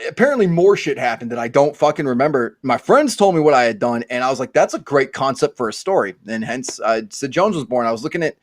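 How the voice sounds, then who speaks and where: A man's voice: fairly high pitch, dry recording, studio quality. A young man telling crude stories as a podcast host, swearing constantly and stammering through restarts. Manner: profane, ranting, stammering restarts. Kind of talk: crude comedic storytelling.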